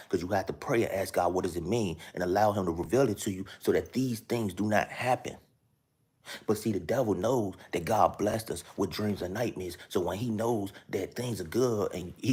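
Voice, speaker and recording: A man's voice: low-pitched, darkish tone, husky. A man giving a casual spiritual talk to a live-stream audience, earnest and repetitive, often asking listeners to follow along. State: talking softly at times so his sleeping kids stay asleep. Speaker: live-stream host sharing a spiritual message.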